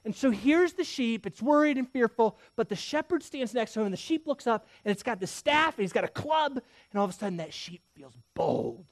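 His very high, expressive voice moves briskly with few pauses, and the recording has no room sound. A man in his thirties, he preaches a sermon as pastor, telling stories and addressing the congregation head-on while swinging from loud emphasis to a hushed near-whisper.

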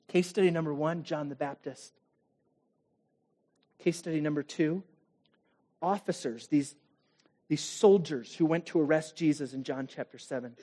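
A man preaching a sermon as pastor, dramatic and direct, swinging between loud emphasis and hushed, intimate tones, and challenging his listeners. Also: sits high, normal speed.

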